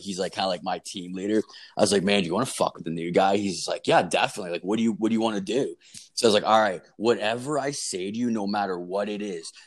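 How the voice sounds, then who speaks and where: A Canadian man casually telling a work story, full of swearing and constant "like" fillers. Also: lowish voice. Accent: Canadian English. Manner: heavy swearing, constant "like" fillers, animated retelling.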